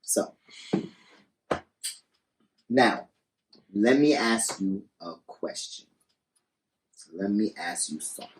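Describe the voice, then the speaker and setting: A man's voice: lowish voice, animated, slow pace, pauses often, slight background noise. A man co-hosting a casual podcast. He speaks bluntly and swears a lot, and he acts out hypothetical arguments. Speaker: podcast co-host. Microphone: studio podcast mic.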